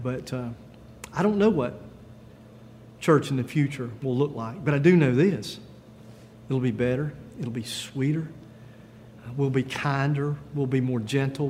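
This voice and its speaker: A man pastor preaching a sermon in a gentle, conversational way, with frequent pauses and fillers. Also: mid-range voice, in a large hall, a little hiss or hum.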